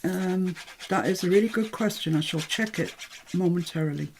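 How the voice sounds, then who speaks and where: A woman's voice: fairly low pitch, normal speed, background noise. An English woman hosting a live craft tutorial, chatting and thinking aloud as she works, with self-deprecating asides. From England.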